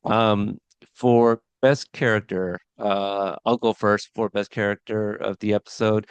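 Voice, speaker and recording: A man's voice: fairly low pitch, steady tone, a little slow, smooth, no room sound, highs cut off. A man co-hosting a podcast review of a TV episode, talking casually with lots of fillers and restarts. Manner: chatty, many fillers and restarts.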